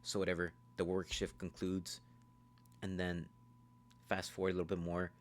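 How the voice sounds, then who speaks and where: A man giving a casual, rambling, profane recap of a movie, telling the story fast. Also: low-pitched, monotone. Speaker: movie reviewer.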